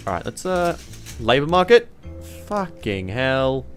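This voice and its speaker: A man's voice: medium pitch, big pitch swings, a little slow, faint music behind. A man giving let's play commentary, thinking aloud in a rambling way and swearing casually. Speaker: gamer playing a police management game.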